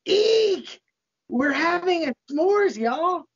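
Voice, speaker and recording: A man's voice: very high voice, lively intonation, very slow. A man co-hosting a podcast, reading a comedy horror script with a campy, overacted delivery. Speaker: podcast co-host. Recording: dull lo-fi podcast audio.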